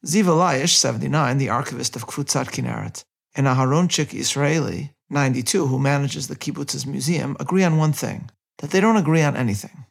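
Gravelly man narrating a scripted podcast. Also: mid-range voice. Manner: measured, reads quotes aloud with light character inflection. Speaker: podcast host.

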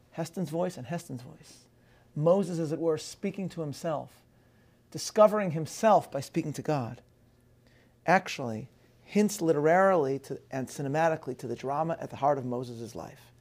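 A man giving a measured, scholarly lecture, reading out quotations and dropping in Hebrew phrases. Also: on the high side, gravelly, darkish tone. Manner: measured, scholarly, reads quotes aloud. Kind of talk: lecture on film and scripture.

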